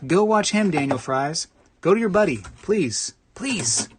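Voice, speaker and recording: Rambling American livestream host. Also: male voice, high voice, expressive, unhurried, a little hiss or hum. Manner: rambling, repeats phrases, laughs often. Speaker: coin roll hunting livestream host. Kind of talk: casual livestream chat reading comments.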